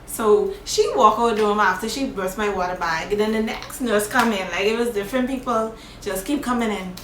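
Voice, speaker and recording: A woman vlogger telling a personal story in a casual, animated, plain-spoken way. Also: medium pitch, brisk. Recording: echoey room, faint background noise.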